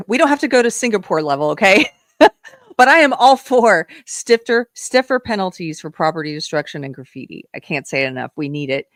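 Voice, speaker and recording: A woman from South Carolina hosting a live political commentary show, talking in a sarcastic, emphatic way and quick to scoff. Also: lowish voice, dry recording, clean studio sound. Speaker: show host.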